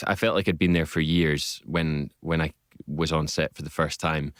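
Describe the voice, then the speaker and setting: A Scottish man with a very low, smooth voice, talking modestly on a radio show. He laughs at himself easily, and the studio sound is dry and close. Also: no room sound. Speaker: radio guest, singer and actor. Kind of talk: casual radio interview chat. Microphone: studio microphone.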